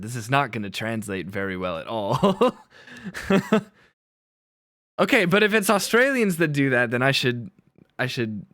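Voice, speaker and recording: A male streamer chatting live at his desk mic, rambling along and breaking into laughter again and again. His voice sits at an ordinary pitch, and the sound is dry and close with almost no room echo. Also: fairly bright tone. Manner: rambling, laughs often, self-corrects. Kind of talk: casual live-stream chat.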